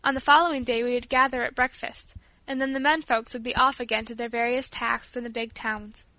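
A woman narrates a storybook with clear, even delivery. Her voice sits high and bright, recorded close and dry with no room sound. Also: brisk, no echo. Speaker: audiobook reader. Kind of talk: scripted narration.

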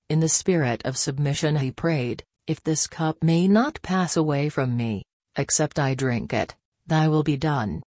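A woman reading a devotional religious text aloud in a measured, solemn narration. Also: low-pitched, darkish tone, no room sound, studio quality. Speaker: reader.

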